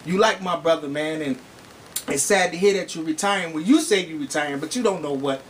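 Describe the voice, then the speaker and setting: Earnest man with a high voice. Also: fairly quick, a little hiss or hum. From Detroit area. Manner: earnest, heartfelt, many "you know" fillers. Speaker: rapper giving a testimony. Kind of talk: casual spoken testimony. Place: studio.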